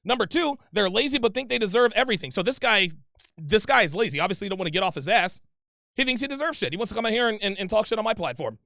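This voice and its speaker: A man's voice: high-pitched, lively intonation, quick pace, vocal fry, bright, forceful tone, dry recording, clean studio sound. A man hosting a livestream, reading viewer super chats and answering them in a heated, profane, confrontational rant, repeating himself often.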